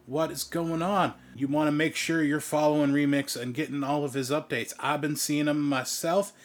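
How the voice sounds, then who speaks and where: A man's voice: a little high, little pitch movement, moderate pace, natural voice. A man voicing a flashy male star DJ talking in upbeat showman patter. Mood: hyping.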